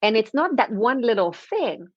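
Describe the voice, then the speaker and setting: Animated woman explaining with lively examples. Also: fairly high pitch, normal speed, dry recording, lo-fi sound. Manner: animated, acts out little everyday scenes, laughs often. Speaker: confidence expert guest. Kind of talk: conversational podcast explanation.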